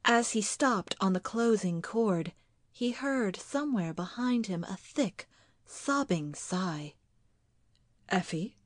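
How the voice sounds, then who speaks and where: A woman reading a literary ghost story aloud at an unhurried pace, measured and deliberate. Her pitch sits in a middle range, and the recording is dry and close with no room sound. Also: dry recording.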